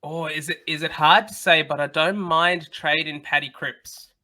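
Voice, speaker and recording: Co-host with a keen, bright edge and higher voice; gives measured opinions, thinking aloud. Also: male voice, fairly even intonation. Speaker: podcast co-host and analyst. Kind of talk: casual podcast chat.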